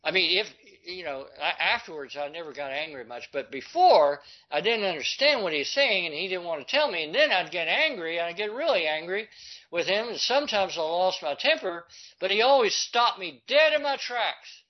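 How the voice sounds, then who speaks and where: Older man, high-pitched voice, animated personal storytelling, dull lo-fi sound. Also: moderate pace. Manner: animated, acts out quoted voices. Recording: dull lo-fi recording.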